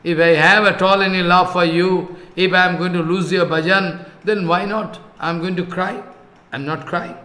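A man teaching a scripture class in a high voice. He speaks haltingly, circles back over his phrases, and slows down to chant verses. The room gives his voice a noticeable echo. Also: fairly even intonation, sharp tone. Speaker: spiritual teacher.

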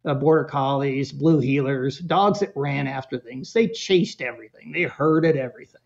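A man speaks as a parenting expert on an interview show, spinning animated, humorous stories in a casual tone. His voice sits at a middle pitch. The recording is a little dull and lo-fi. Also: moderate pace, creaky.

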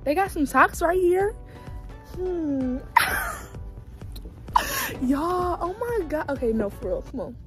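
A woman's voice: very high-pitched, huge pitch swings, takes it slowly, pauses often, a bit bright, soft background music. A young woman, vlogging casually in a big store, giggly and nervous as she talks to her viewers. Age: young adult. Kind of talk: casual vlog chat.

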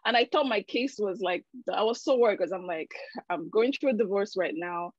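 A woman's voice: medium pitch, a little fast, no echo. A woman giving an emotional, candid personal testimonial over a video call, full of fillers. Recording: dull, dry video call audio.

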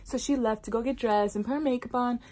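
A woman vlogger casually telling a personal story to camera, animated and dropping into whispered asides. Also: fairly high pitch, fast, a little hiss or hum.

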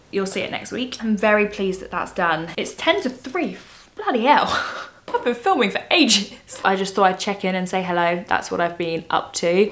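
A young woman from England, chatting casually to her camera at home, self-deprecating and quick to laugh. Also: medium pitch, fairly bright tone. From southern England. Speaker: vlogger. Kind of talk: casual vlog chat to camera. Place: at home, indoors.

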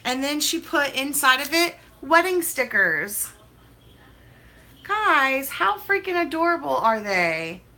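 A woman's voice: high-pitched, pushed and bright, a little hiss or hum. A young woman vlogging as she opens mail, talking in a hyper, chatty, gushing way. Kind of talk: casual mail-opening vlog.

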